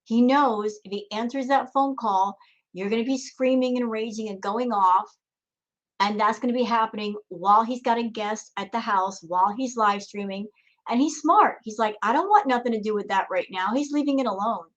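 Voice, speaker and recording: A woman commentator reacts to a clip and calmly lectures the streamer in it, speaking straight to her. Her voice is a little high. The recording sounds dull and muffled. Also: moderate pace. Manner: calm, lecturing, addresses the streamer directly.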